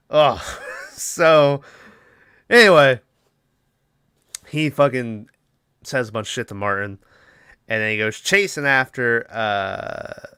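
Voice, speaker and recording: A man's voice: medium pitch, pushed and bright, smooth, no echo, studio quality. Casual swearing man recapping a movie. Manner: rambling, swears often, lots of fillers. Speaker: podcast co-host.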